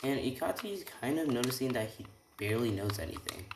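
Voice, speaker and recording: A young man improvises a fan-fiction story, rambling, correcting himself, and saying "he's like" a lot. His mid-range voice is very animated and quick, with background noise in a roomy space full of keyboard clicks.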